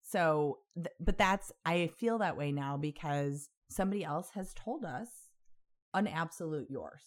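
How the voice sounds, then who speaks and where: A woman's voice: low voice, measured pace. A young woman co-hosting a podcast, telling stories in a blunt, sarcastic way and swearing freely. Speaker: podcast co-host. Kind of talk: casual storytelling chat.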